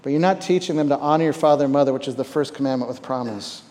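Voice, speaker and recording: A man's voice: medium pitch, racing, darkish tone. A man giving a conversational sermon on parenting at a camp, stumbling over repeated words and asking the room rhetorical questions. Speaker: camp speaker. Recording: reverberant hall.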